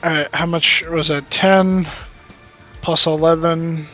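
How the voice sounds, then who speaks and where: Slow, higher-voiced man game master. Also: little pitch movement, sharp tone, soft background music. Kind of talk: running a tabletop game.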